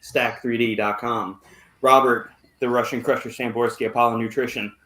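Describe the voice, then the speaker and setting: A man's voice: mid-range voice, fairly even intonation, normal speed, sharp tone. A man hosting a podcast panel, giving showy, playful introductions. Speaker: podcast host. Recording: roomy echo.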